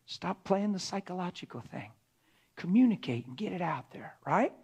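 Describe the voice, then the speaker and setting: A pastor giving a conversational sermon, earnest and full of rhetorical questions, acting out little dialogues. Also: male voice, high-pitched, very animated, moderate pace, a little mellow, husky. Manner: earnest, acts out dialogue between spouses.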